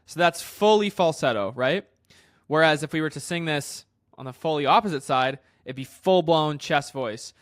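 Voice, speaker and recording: A man with a fairly high voice talks through a singing lesson as a vocal coach. He explains in a relaxed, chatty way, full of fillers and restarts. The sound is close and dry, with little room echo. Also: normal speed. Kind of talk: singing lesson with sung demonstrations.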